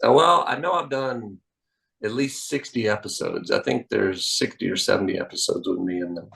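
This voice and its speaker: Gravelly-voiced man telling stories. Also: on the low side, moderate pace, poor audio. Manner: animated anecdotes, acts out quoted voices. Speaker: magician guest. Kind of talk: casual interview storytelling. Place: podcast studio.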